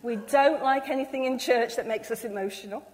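In a church with a long reverb, an English woman delivers an earnest, emotional sermon, voicing the words she imagines others saying. Her voice is on the high side, slightly mellow, and fairly quick.

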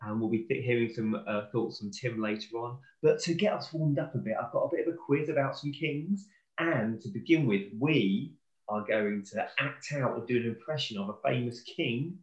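A man's voice: medium pitch, normal speed, lo-fi sound. A man in his thirties hosting a casual church live stream, friendly and rambling, often correcting himself. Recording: echoey room.

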